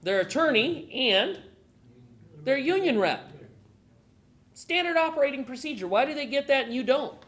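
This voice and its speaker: A woman's voice: high-pitched, moderate pace. A woman giving a live talk to a group, asking the audience questions and acting out conversations. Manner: animated, acts out conversations, asks the audience questions. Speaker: presenter at a gun owners' meeting.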